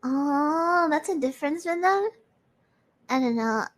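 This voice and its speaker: A woman streamer hosts a live audio space, chatting casually with her audience, reading their comments and giggling often. Her voice sits high with lively intonation and a slightly slow pace.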